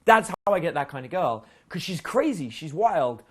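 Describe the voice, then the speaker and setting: A man's voice: on the high side, very animated, moderate pace, a bit bright, breathy edge. A man speaking as a dating coach, telling stories in a blunt, profane way and acting out the lines of the people in them. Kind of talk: casual storytelling monologue.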